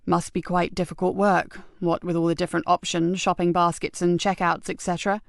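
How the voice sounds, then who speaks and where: A woman reading an audiobook, voicing a calm, polite male police detective. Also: fairly low pitch, a little fast, vocal fry, dry recording, clean studio sound. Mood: measured.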